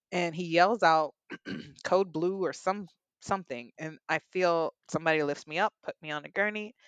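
A woman's voice: deep voice, fairly bright tone, clear, resonant tone, no room sound, low-quality recording. A young adult woman, a podcast guest, candidly and earnestly telling a personal story in an interview.

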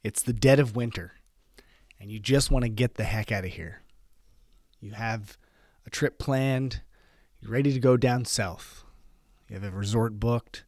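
A man's voice: medium pitch, a little slow, pauses often, a little mellow, no room sound, studio quality. A man hosting a solo podcast, talking earnestly to listeners and asking them many rhetorical questions. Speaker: podcast host.

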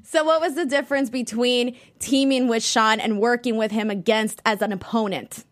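Woman, podcast interviewer, friendly, slightly high voice. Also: fairly even intonation, moderate pace, no echo. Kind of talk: asking interview questions.

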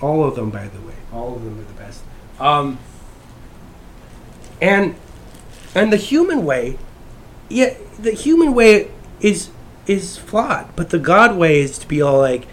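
A man ranting on his channel in a brash, profane way, swinging from shouts to mutters. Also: high-pitched, sing-song, a little slow, a little hiss or hum. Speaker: YouTuber. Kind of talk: casual ranting monologue.

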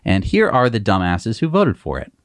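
A man's voice: lowish voice, wildly swooping pitch, moderate pace, no room sound. A man co-hosting a casual tech news show, exasperated and mocking. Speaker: co-host.

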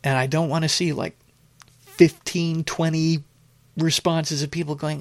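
Gravelly older man, rambling commentary. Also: fairly high pitch, fairly even intonation, no echo. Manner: rambling, halting with many fillers; blunt and opinionated. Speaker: commentary show host. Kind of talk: casual political commentary.

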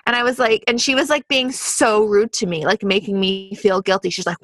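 A woman's voice: mid-range voice, steady tone, a little fast, few pauses, a bit bright, no echo. A young woman co-hosting a podcast, telling stories in a casual chat, peppered with "like". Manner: chatty storytelling, peppered with "like". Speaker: podcast co-host.

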